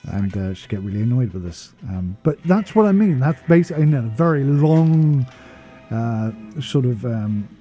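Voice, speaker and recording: A man's voice: medium pitch, expressive, moderate pace, dark tone, faint music behind. An English man rambling through a casual gameplay commentary voice-over, chatty and self-deprecating, often wandering off on tangents. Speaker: gaming channel host.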